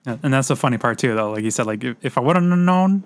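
A man's voice: medium pitch, animated, quick pace, no room sound. Hesitant male co-host, dry sound. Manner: hesitant, full of restarts and hedging. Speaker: podcast co-host. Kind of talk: casual chat.

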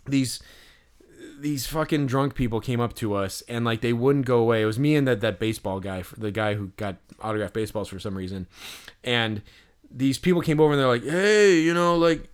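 A man's voice: mid-range voice, moderate pace, smooth. A man co-hosting a podcast, chatting casually and telling stories in a rambling way, full of fillers and restarts. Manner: animated when telling stories. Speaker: podcast co-host. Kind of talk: casual chat and storytelling.

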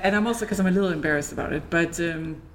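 A married adult woman, an entrepreneur, speaks candidly as a guest in a casual interview, laughing often as she talks. Her pitch is fairly low, she talks at a racing pace, and there's a little hiss or hum on the recording.

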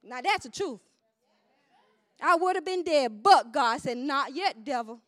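A woman preaching a fervent sermon, swinging from loud shouted declarations down to low murmured asides, calling on the congregation to answer. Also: animated, measured pace, dry recording, studio quality.

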